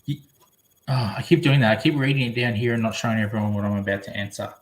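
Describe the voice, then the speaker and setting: A man's voice: on the low side, fast talker. Rambling man live-streaming in an echoey room. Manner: rambling, chatty, reading comments aloud. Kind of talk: casual live-stream chat.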